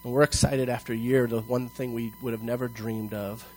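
A male pastor preaching a sermon to a congregation in church, telling a personal story and acting out its dialogue with animated delivery. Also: medium pitch, brisk, faint music behind, poor audio. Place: church service before a congregation.

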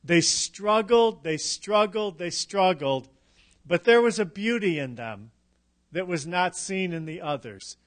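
A middle-aged man preaching a sermon, emphatic and unhurried, with dramatic pauses and touches of humor. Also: sits high, a bit bright. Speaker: pastor.

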